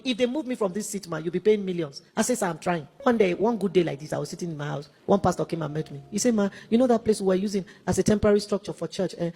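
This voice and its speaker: Nigerian woman preacher in her 50s, very fast delivery, acts out each voice in her story, sermon testimony. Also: mid-range voice, breathy edge. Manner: animated storytelling, acts out dialogue.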